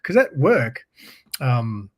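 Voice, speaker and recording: An Australian man with a husky, slightly breathy voice spins a long anecdote in casual chat. He laughs often as he talks, and his pitch sits in an ordinary middle range. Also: very animated, extremely slow. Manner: laughs often while telling stories.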